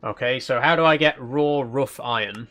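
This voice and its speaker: A man's voice: medium pitch, moderate pace, fairly bright tone. Male streamer, mild Yorkshire accent, casual and chatty, talks through what he's doing. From South Yorkshire, England. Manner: chatty, thinking aloud. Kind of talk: casual live-stream commentary while playing.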